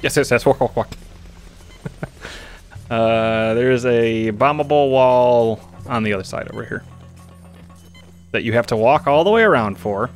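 A man hosting a let's-play stream, talking casually at a middle pitch. He jokes along with his friends and laughs often. Soft music sits faintly in the background. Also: a little slow, pauses often. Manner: chuckles often, joking. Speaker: streamer playing a game.

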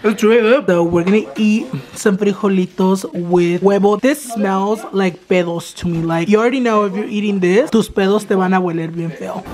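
A man vlogging in a casual, expressive way, swearing freely and mixing Spanish words into his English. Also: sits high, moderate pace, hardly any pauses. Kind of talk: casual vlog chat.

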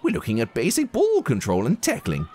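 A man's voice: medium pitch, wildly swooping pitch, brisk, dark tone, a little hiss or hum, voice pushed up. A man voicing a fussy, wittering female PE teacher in a storybook reading. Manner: wittering, bossy. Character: high-pitched fussy woman PE teacher.

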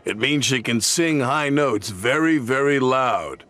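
A man's voice: medium pitch, lively intonation, a little slow, a bit bright, soft background music. A man voicing a big, proud express engine who talks pompously in a storybook reading.

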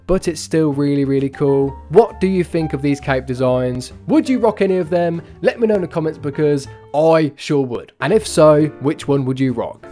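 A young man talking casually about game news as a gaming YouTuber, with a relaxed, chatty manner and a lot of "bro". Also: on the high side.

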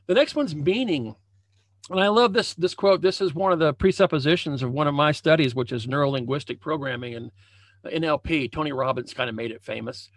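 Over a video call, a leadership coach speaks motivationally and conversationally, frequently repeating himself and starting sentences again. He's in a home room with a banner as backdrop, and his brisk voice is on the high side, with no room sound.

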